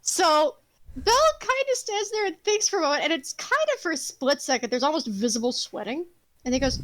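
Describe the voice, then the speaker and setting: High-voiced woman running a tabletop game. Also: fairly quick, dry recording, poor audio. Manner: animated, laughing, casual swearing. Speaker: game master.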